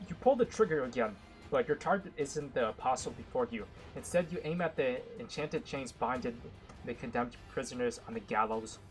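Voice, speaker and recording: A man reading a visual novel aloud with dramatic narration, broken by excitable, joking asides. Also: mid-range voice, normal speed, faint music behind, poor audio. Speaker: gaming content creator.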